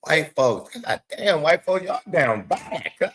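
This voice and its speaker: Guy hosting a reaction stream, loud and excitable, swears a lot, keeps cracking himself up. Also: a little high, takes it slowly. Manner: loud, profane, excitable, laughing asides. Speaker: show host. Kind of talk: casual live reaction commentary.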